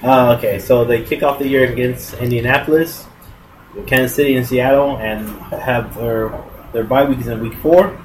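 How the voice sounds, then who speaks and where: A man in a relaxed sports chat, laying out a schedule and trading jokes with his co-host. His voice sits in an ordinary middle register. A steady hiss of background noise runs under the whole recording. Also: mid-range voice, poor audio. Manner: relaxed, joking, lists teams quickly. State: hiccups. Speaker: podcast co-host.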